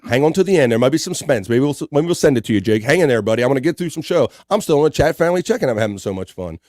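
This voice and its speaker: A man hosting a casual live-stream podcast, animated and jokey, reading chat messages aloud. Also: mid-range voice, very fast, dry recording, clean studio sound. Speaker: podcast host.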